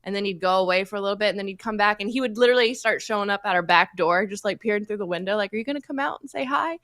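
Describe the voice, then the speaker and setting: Bright-voiced woman, chatty co-host. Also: mid-range voice, racing, no echo. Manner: animated storytelling, laughs often. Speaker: podcast co-host. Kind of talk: casual chat.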